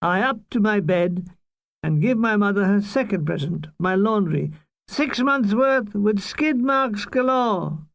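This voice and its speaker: A man narrating his own war memoir as an audiobook, with deadpan, irreverent comic delivery. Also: high-pitched, a little slow, vocal fry, dry recording.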